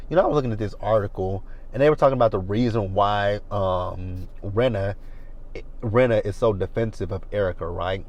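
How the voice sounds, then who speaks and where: A man's voice: on the low side, a little mellow, rough recording. A man in his thirties giving a blunt, profane casual recap of a reality TV episode from his car. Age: 30s. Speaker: reality TV reviewer. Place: parked car.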